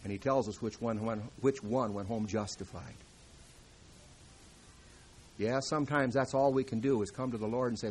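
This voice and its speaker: A man preaching a sermon, moving from quiet, confiding talk to loud, emphatic scripture reading. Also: mid-range voice, moderate pace, pauses often, slight background noise.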